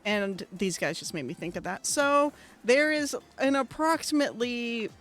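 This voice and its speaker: A woman streaming a video game, rambling excitably with lots of fillers into a desk microphone at her computer. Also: fairly high pitch, moderate pace. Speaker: gaming streamer. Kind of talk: casual let's-play commentary. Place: at home at a computer.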